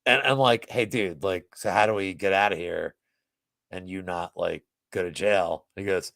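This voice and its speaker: A man's voice: low voice, normal speed, creaky, a bit bright, dry recording. A man telling a story in casual chat, rambling with constant fillers and frequent swearing. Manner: rambling, heavy use of "like", swears a lot. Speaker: podcast guest.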